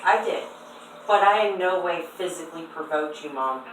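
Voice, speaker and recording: A woman's voice: on the low side, moderate pace. A young woman arguing with her mother on the phone, pleading and tearful as she tries to explain herself. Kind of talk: emotional phone argument. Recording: echoey room, voice from far off, faint noise.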